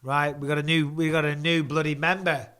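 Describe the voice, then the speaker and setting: A man in his forties with an English accent hosts a home live stream, casually commentating a fight, reading viewer questions and swearing freely in a blokey way. His voice is on the high side, level, brisk, pushed and bright, with a clean tone.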